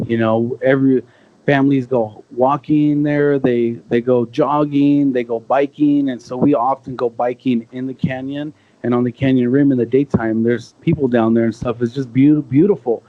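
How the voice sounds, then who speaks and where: A man in his thirties telling his own story as a podcast guest in a casual, excited way, full of "bro" and "like". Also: medium pitch, highs cut off. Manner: excited, conversational, peppered with "bro" and "like".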